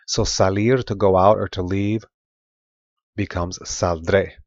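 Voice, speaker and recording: A man teaching a recorded Spanish grammar lesson, explaining patiently and repeating example phrases slowly. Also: fairly low pitch, steady tone, no room sound. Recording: dull lo-fi sound, dry.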